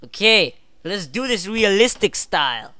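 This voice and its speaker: A young man commenting casually on a game he plays with a friend, excitable and swearing, often bursting into shouts. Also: sits high, a little slow. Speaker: gamer.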